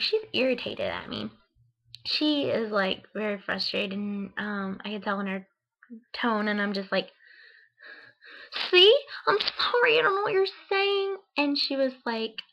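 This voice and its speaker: A young woman from Ohio tells a funny story in a chatty vlog. Her voice sits a bit high, and she fills it with "like" and "um" as she acts out her own reactions. The recording sounds dull and lo-fi. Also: fairly bright tone. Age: young adult. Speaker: vlogger. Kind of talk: casual storytelling.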